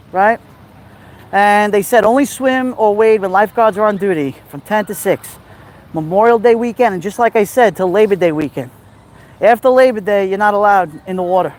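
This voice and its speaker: A man with a rough voice and a Brooklyn accent, chatting casually on a live stream as he walks outdoors along a beach. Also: high-pitched. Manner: chatty, gives shout-outs while walking.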